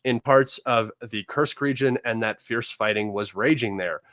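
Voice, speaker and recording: A man's voice: fairly low pitch, normal speed, a bit bright, no room sound. Man, live news commentary host, scornful, reads and mocks articles, dry close mic.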